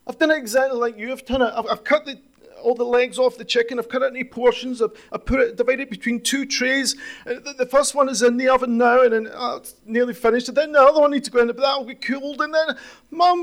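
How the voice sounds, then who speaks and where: A man's voice: extremely high pitch, fast, a bit bright, voice pushed up. A man voicing a panicking young woman who is pleading frantically over a dinner that will not be ready. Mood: frantic. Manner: frantic, pleading, tumbling out complaints.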